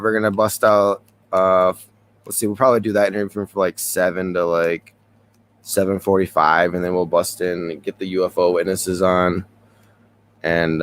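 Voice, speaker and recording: A man hosting a casual podcast, talking loosely and rambling with frequent chuckles. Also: low voice. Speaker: podcast host.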